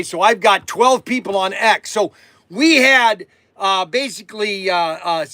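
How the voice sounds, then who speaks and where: Excitable rambling man in his 60s. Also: sits high, no room sound. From Ohio, USA. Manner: excitable, rambling, repeats himself. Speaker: toy shop host. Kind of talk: rambling live-stream chat.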